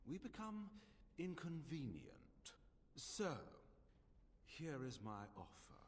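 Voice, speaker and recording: An actor playing a condescending, scheming male slaver in video game dialogue, smooth and patronizing. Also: mid-range voice. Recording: long hall reverb, faint noise.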